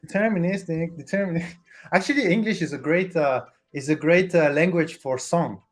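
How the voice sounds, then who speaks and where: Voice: medium pitch, normal speed. Hesitant streamer searching for words. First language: French. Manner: hesitant, searches for English words, restarts a lot. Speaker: livestream host. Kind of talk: casual livestream chat with viewers.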